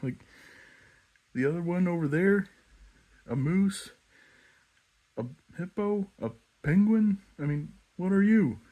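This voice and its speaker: A man's voice: sits high, slow, pauses often, narrow, tinny audio. Teasing man asking skeptical questions.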